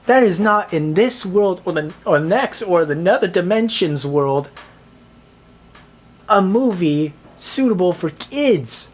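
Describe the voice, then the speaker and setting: This high-voiced man with lively intonation is a movie reviewer telling the camera, in a ranting story, how a night at the theater went badly. Swearing a lot and clearly fed up, he stumbles along through restarts and fillers, leaning heavily on "like."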